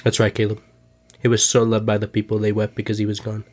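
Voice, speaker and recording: A man putting on a bragging older politician who circles back to himself at every turn, repeating his boasts over and over. The voice sits low and flat, with barely any rise or fall. It is played as a comedic podcast sketch. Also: fast, close to an everyday voice. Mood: rambling. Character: boastful older male ex-president, self-obsessed.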